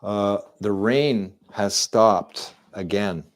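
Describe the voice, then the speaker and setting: A middle-aged man streams from his home into a desk microphone. His voice sits low and his delivery is slow and drawn out. He rambles and repeats himself, restarting his words over and over. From Canada. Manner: rambling and repetitive, with frequent restarts and fillers. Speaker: live streamer. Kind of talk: casual rambling stream monologue. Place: at home indoors.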